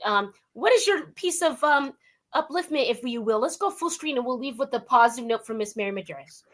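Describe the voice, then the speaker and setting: High-voiced, animated woman talk host. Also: a little fast. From Southern California. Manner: animated, laughs often, calls guest "dear" and "girl". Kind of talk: casual interview chat.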